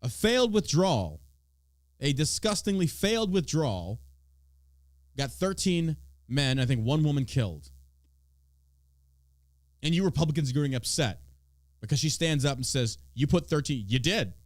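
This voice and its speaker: A man hosting a podcast, ranting about politics with plenty of swearing and biting sarcasm. His voice sits a bit high for a man and swoops up and down in a very lively way. The sound is close and dry, with no room echo. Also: moderate pace, long pauses. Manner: profane, sarcastic, swinging between loud and mocking. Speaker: podcast host. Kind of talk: casual political rant.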